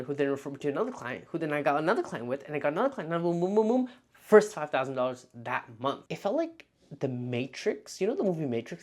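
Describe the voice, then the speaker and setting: Animated young man telling stories. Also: fairly high pitch. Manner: animated, acts out his past thoughts, many fillers of "like". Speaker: freelance marketer and video host. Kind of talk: casual vlog storytelling.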